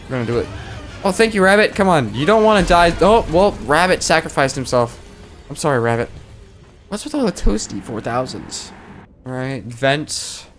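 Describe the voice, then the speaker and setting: A man doing let's play commentary, joking, talking to the game's characters and breaking into sudden loud yelps. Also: a little high, big pitch swings, moderate pace, faint music behind. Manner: joking, talks to the game characters. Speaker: gaming YouTuber.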